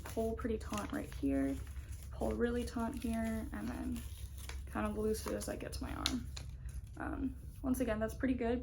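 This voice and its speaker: A woman's voice: fairly high pitch, gravelly, noisy background. A woman in her twenties, a college student, chatting casually and upbeat to the camera in a rambling vlog. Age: 20s.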